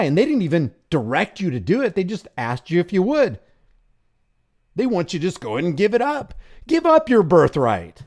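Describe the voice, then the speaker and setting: A man's voice: high-pitched, huge pitch swings, normal speed, a little mellow. A man hosting a live commentary stream, talking in an impassioned, preachy way. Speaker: host.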